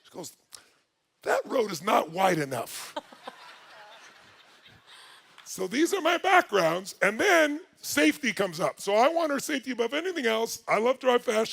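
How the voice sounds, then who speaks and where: A man with a high, gravelly voice tells a story to an audience. He talks in a lively, animated way, sometimes nearly shouting, then drops to a quiet, earnest tone. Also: moderate pace. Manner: lively, swings from loud exclaiming to quiet earnest. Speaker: speaker telling a story to an audience.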